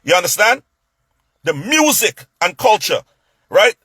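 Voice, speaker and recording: A man telling a story in a casual rant, animated, stumbling over repeated words and acting out what others said. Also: high voice, unhurried, husky, no room sound.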